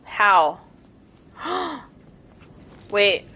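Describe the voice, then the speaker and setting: A young woman streaming a game, chatting casually and self-deprecatingly, with bursts of excited squeals. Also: medium pitch, extremely slow. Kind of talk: casual gameplay commentary.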